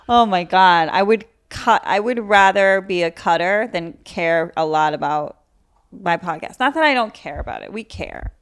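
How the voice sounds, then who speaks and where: A woman's voice: medium pitch, fairly bright tone, smooth. Foul-mouthed joking woman hosting a podcast. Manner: profane, joking, bursts into mock outrage. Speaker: podcast host. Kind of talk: casual comedic solo podcast monologue.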